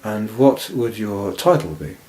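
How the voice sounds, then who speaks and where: A woman interviewing in an improvised comedy sketch, asking polite questions in a deadpan way. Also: rumbling low, unhurried. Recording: echoey room, faint noise.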